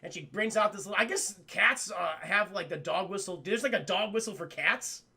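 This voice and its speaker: A man streaming a cartoon review, retelling scenes in a profane, excitable way and talking straight to his chat. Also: high-pitched, husky. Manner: profane, excitable storyteller who keeps addressing chat; acts out the characters' lines in quick voices. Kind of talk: casual livestream recap.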